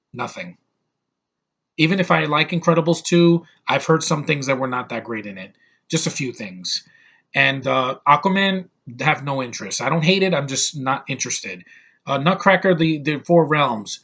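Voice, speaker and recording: A man's voice: a little high, fairly bright tone, breathy edge. A young man giving a brash, over-the-top movie review, ranting and swearing as he talks.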